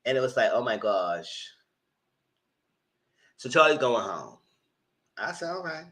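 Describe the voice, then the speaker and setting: Sassy, lively man recapping reality TV. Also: brisk. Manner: sassy, blunt, slangy, breaks into mocking high voices. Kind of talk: live recap commentary.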